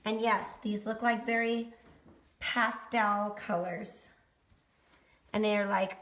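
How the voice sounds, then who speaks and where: A woman's voice: mid-range voice, flat delivery, slow pace, pauses often, fairly bright tone. A woman giving a casual how-to painting demonstration, chatting folksily to viewers as she works. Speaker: DIY painting instructor. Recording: roomy echo.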